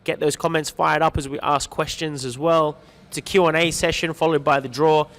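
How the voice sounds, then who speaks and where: Male livestream host, friendly and chatty, slightly raised pitch, long hall echo on the track. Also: fairly even intonation, a little fast, a bit bright. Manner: chatty, greets viewers by name, light joking. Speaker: livestream host reading viewer comments. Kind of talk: upbeat live-stream chat.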